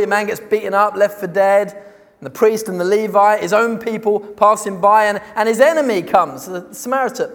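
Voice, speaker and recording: High-voiced preacher, echoing hall. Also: male voice. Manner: emphatic, rhetorical questions, slows down on key words. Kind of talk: sermon. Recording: long reverb of a large hall.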